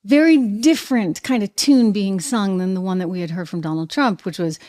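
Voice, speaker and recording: A woman with a New Hampshire accent hosting an opinionated political commentary show, talking in an animated, sarcastic way. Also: mid-range voice, moderate pace. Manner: animated, sarcastic, mimics people, laughs often.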